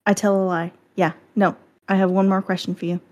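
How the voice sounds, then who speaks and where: A woman's voice: medium pitch, level tone, a little fast, a little mellow, lo-fi sound. Woman host, playful and hyped, swears a bunch. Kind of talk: casual chat.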